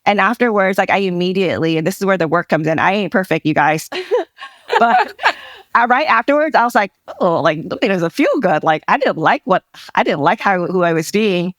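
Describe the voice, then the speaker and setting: A woman marriage coach talking casually as a podcast guest, animated and quick to laugh, with many fillers. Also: mid-range voice, no room sound, studio quality.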